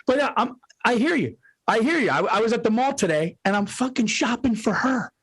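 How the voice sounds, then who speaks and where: A man's voice: very high voice, animated, brisk, a bit bright, husky. A middle-aged comedian co-hosting a podcast, swearing freely, laughing often and acting out quotes as he tells stories in casual chat.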